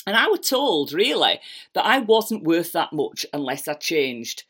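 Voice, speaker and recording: Yorkshire woman in her fifties, low voice, lively self-deprecating storyteller. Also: measured pace. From England. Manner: chatty, animated and self-deprecating, with broad dialect. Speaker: podcast host. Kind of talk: personal storytelling monologue. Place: home kitchen.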